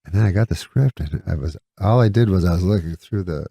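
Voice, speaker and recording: Deep, gravelly deadpan storyteller man. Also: fast, no room sound. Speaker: guest comedian. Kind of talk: casual anecdote in an interview.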